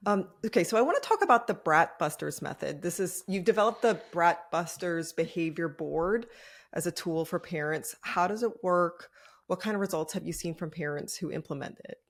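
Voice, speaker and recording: A woman's voice: on the low side, lively intonation, normal speed. A woman hosting a podcast, asking questions and affirming her guest in a casual way. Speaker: podcast host. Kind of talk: podcast interview.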